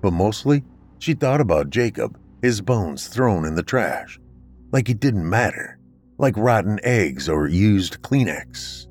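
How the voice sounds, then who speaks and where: A man narrating a scripted horror story in a measured, grave delivery. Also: on the low side, sing-song, a little mellow, faint music behind. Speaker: podcast narrator.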